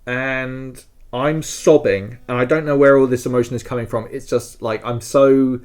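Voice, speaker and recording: A man's voice: medium pitch, fairly even intonation, normal speed, a little mellow. Man, podcast co-host, casual storytelling, rambling, emotional, lots of fillers.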